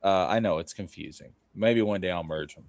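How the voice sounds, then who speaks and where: A man's voice: sits low, a little fast, creaky, a little mellow, dry recording. A man hosting a casual reaction stream, profane and joking, laughing often. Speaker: host.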